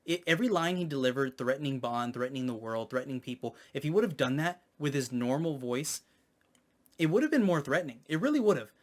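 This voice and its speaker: A man's voice: medium pitch, lively intonation, fast. A man giving a casual spoken movie review, hesitant, with many ums and restarts.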